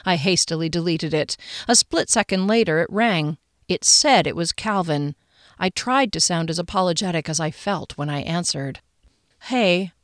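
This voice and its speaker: A woman narrating a first-person novel as an audiobook, in a wry, expressive way. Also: on the low side, normal speed, no echo, studio quality.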